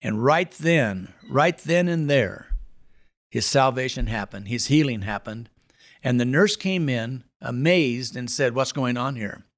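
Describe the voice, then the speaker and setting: A man's voice: mid-range voice, animated, measured pace. A middle-aged male pastor telling a personal testimony in an earnest, dramatic storytelling manner.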